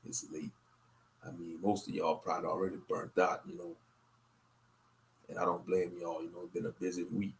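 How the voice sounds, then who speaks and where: A man hosting a casual late-night livestream, talking in a low-key, monotone, rambling way and sounding tired and worn out. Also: normal speed, creaky, long pauses, a little hiss or hum. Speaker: livestream host.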